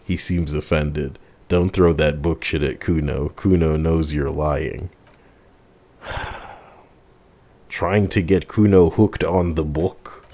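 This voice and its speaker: A man playing a video game, reading its dialogue aloud in a low-key drawl with sighs and cursing. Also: mellow. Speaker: let's play gamer.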